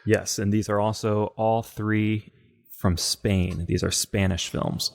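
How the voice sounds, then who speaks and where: A man co-hosting a casual podcast chat, relaxed and dry, pausing often with hesitations. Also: fairly low pitch, gravelly, no room sound. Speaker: podcast co-host.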